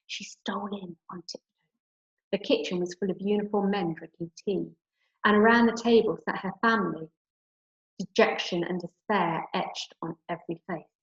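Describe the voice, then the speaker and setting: A teacher with an English accent reads a story aloud to her class, then talks it through in a gentle, encouraging way. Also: medium pitch, steady tone, normal speed. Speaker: primary school teacher. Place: home room. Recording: roomy, dull home recording.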